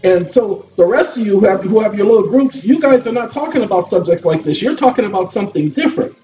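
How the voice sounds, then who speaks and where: A man's voice: high-pitched, lively intonation, fast, mellow, recorded from a distance, highs cut off, soft background music. A man delivering a preachy, repetitive monologue to viewers from his computer desk, often checking in with "okay?". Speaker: vlogger lecturing viewers.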